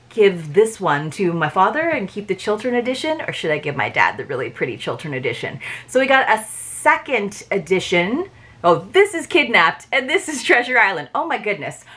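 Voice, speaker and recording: A woman's voice: mid-range voice, a bit bright. A woman reviewing a book subscription box, gushing in a bubbly, chatty way as she unboxes each item. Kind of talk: unboxing vlog.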